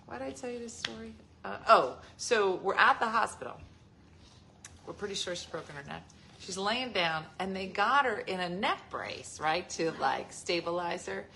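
A woman's voice: medium pitch, moderate pace, vocal fry, slight background noise. A woman in her forties hosting a casual chat, telling family stories with lots of laughter. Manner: laughing, animated storyteller. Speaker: host.

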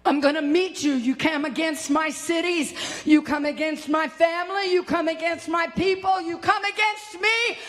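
A woman preaching a fiery sermon, shouting at peaks and dropping low between them. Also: steady tone, normal speed, few pauses. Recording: long hall reverb.

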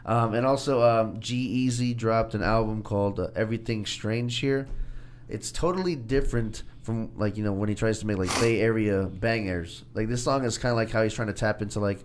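A man's voice: fairly low pitch, moderate pace, slight background noise. A young man co-hosting a casual podcast chat, talking in a laid-back, slangy, rambling way. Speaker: podcast co-host, music segment.

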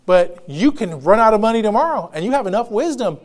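Man, pastor, high voice, emphatic sermon, repeated phrases, call-and-response. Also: sing-song, quick pace.

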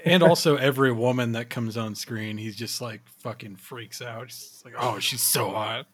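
A man's voice: mid-range voice, steady tone, breathy edge. A man hosting a podcast, chatting casually and telling a story with lots of swearing and laughter. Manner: laughing, profane storytelling with quick impressions. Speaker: podcast host.

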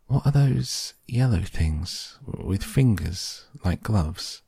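A man's voice: low-pitched, animated, slow pace, gravelly, mellow, slightly rough, dry recording, clean studio sound, voice pushed up, exaggerated voice. A man voicing a curious little girl who keeps asking eager questions.

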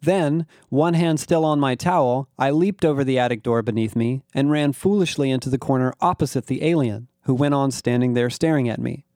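Mellow-voiced man narrating a story. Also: mid-range voice, a little fast, few pauses, no room sound, studio quality. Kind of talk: scripted first-person story narration.

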